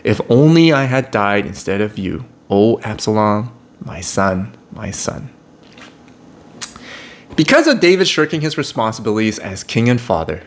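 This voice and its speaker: A man teaches a Bible lesson. He reads scripture aloud and breaks in with wry, casual commentary. His pitch is lively and animated, rising and falling as he reacts to the story. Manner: animated, wry, conversational asides.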